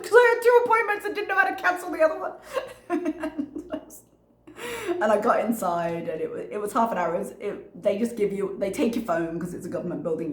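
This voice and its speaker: A young woman vlogger in casual chat, animated, laughing often and acting out what others said. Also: on the low side, reverberant.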